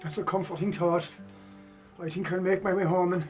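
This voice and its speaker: A man acting out an earnest Irish man, still shaken and grateful. His voice rides slightly high. Faint music runs underneath. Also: flat delivery, fairly quick, a little mellow, lightly acted. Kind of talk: filmed stage play acting.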